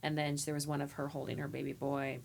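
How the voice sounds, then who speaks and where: A woman therapist telling heartfelt stories in a podcast interview, animated and acting out the people she quotes. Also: deep voice, fast talker, gravelly. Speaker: therapist guest. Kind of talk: emotional conversational storytelling.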